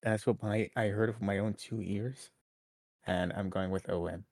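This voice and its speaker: A young man co-hosting a podcast, joking in a dry, deadpan way. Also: lowish voice, moderate pace, gravelly, no echo. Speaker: podcast co-host. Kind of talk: casual chat.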